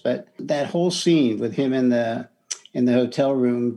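A man's voice: medium pitch, creaky, darkish tone. A man co-hosting a podcast, talking about a book in a loose, conversational way with frequent restarts. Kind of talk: casual book discussion.

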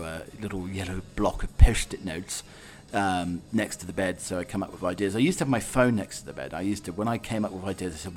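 A man hosting a solo chat show, talking in a jokey, meandering, self-mocking way. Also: fairly low pitch. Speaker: podcast host.

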